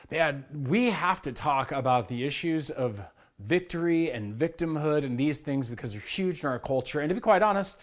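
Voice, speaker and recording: A middle-aged man preaching a sermon as pastor, energetic and conversational, with lively asides. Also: medium pitch. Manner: energetic, conversational, acts out his kids' whiny voices. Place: church.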